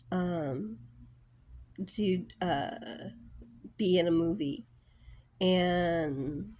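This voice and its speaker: Slow, rambling woman telling a story. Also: lowish voice, darkish tone. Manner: rambling, many fillers and restarts. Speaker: book vlogger. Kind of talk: casual storytelling.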